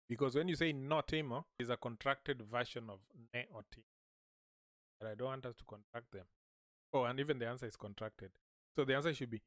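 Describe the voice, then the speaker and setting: A man teaching a language lesson, saying short phrases slowly and repeating them so listeners can echo him. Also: medium pitch, fairly bright tone, studio quality.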